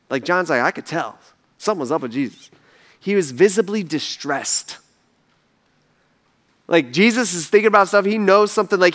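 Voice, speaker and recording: Casual, animated man preaching a sermon. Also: high voice. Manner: casual, animated storytelling with acted quotes. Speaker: pastor.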